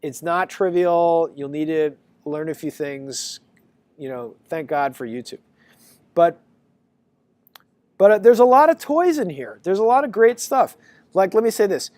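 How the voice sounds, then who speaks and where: A man giving a casual university lecture, talking to students in a chatty, animated storytelling way. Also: sits high, measured pace, no echo.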